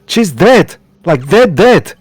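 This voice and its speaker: A man's voice: sits high, big pitch swings, slow pace, husky, dry recording, soft background music, voice pushed up, full character voice. A man voicing a panicked young man about to be married, frantic and exclaiming in a tabletop game.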